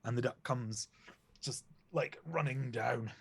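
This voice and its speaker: A man narrating a tabletop game as game master in a playful, animated way. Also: mid-range voice, slow pace, vocal fry, husky.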